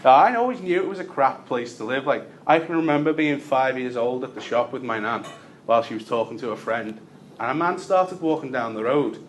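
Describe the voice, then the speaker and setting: A young man from Liverpool with a Liverpool accent doing a stand-up set, deadpan storytelling with punchlines. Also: mid-range voice, a little fast, slight background noise. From Liverpool, England. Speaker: stand-up comedian.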